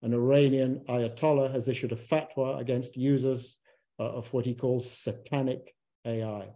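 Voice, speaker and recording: Man introducing a panel, mellow voice. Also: medium pitch, fairly even intonation. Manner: measured, with occasional restarts and wry asides. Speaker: panel moderator. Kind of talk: scripted introduction to a panel talk. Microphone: online broadcast.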